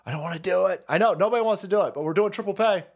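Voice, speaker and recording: A man's voice: high voice, very fast, creaky, darkish tone. A man hosting a livestream, ranting profanely and sarcastically and laughing often. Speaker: streamer host. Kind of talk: livestream commentary rant.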